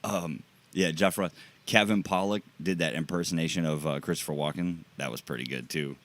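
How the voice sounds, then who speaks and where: A man hosting a casual podcast chat, easygoing and quick to laugh. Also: rumbling low. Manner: relaxed, easygoing, laughs often. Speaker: podcast host.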